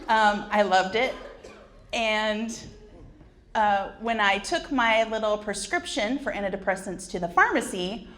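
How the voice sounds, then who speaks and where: At a conference, a woman in her forties tells wry, self-deprecating comic stories from her own life, frequently laughing at her own jokes. Her voice is medium in pitch and a little bright.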